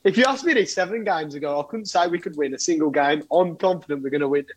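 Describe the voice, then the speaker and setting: A man's voice: on the high side, fast. A man chatting casually as a fan panelist, eager and emphatic about his team. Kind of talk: casual chat.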